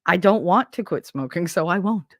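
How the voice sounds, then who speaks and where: A woman's voice: lowish voice, animated, moderate pace, a bit bright, dry recording. Woman streamer, casual and profane, laughs a lot, dry close mic. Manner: chatty, swears freely, laughs often. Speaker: livestream host reading chat. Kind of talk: casual unscripted chat.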